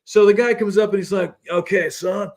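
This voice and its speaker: A man, a guest on a talk show, telling a story in a relaxed, animated way and acting out the people in it. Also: high voice, fast talker. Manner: animated storyteller who acts out the people in his stories. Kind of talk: casual anecdote telling.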